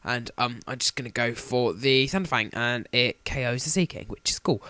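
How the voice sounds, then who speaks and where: A man's voice: medium pitch, moderate pace, bright, forceful tone, dry recording. A young man giving jokey, rambling, self-mocking commentary on a handheld game he is playing. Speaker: let's play commentator.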